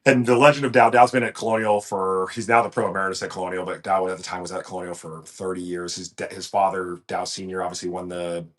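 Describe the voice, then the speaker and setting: Golf pro guest, man, very low voice, lively storyteller who often restarts sentences. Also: quick pace, hardly any pauses. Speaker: golf professional, podcast guest. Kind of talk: casual storytelling interview.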